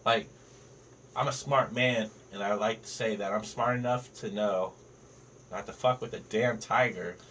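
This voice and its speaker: A man's voice: lowish voice, normal speed, fairly bright tone. A man telling jokes and stories in casual, profane podcast banter. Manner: joking storyteller, swears freely. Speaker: podcast guest comedian. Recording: distant mic with faint ambient noise.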